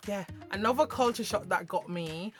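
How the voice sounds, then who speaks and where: A woman from Jamaica with a Jamaican accent, chatting to camera in an animated, emphatic way with slangy asides. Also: mid-range voice, normal speed, over music. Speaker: vlogger. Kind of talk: casual chat to camera.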